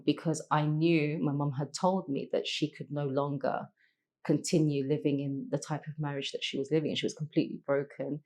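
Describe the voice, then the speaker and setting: Brief: middle-aged woman, guest telling her life story, low voice, halting and reflective. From London, England. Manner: reflective, halting, with many restarts and pauses. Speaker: podcast guest. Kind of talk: emotional personal storytelling.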